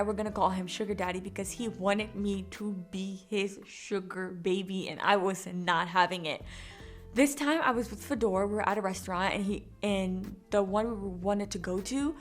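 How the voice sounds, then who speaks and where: A young woman vlogger chatting casually through a storytime, animated and acting out quoted lines as she retells them. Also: medium pitch.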